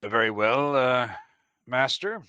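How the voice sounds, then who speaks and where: A man role-plays in a tabletop game, wry and playfully polite. His pitch is middling but moves about a great deal, and he sounds close and dry. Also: expressive, slow, pushed and bright, clear, resonant tone, no echo, dull audio. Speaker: player. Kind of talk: in-character tabletop role-play.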